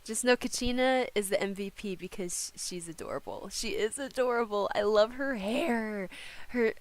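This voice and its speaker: A woman's voice: mid-range voice, moderate pace. A young adult woman streaming a game, chatting casually and giggling often, with a slangy manner. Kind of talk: casual gameplay commentary.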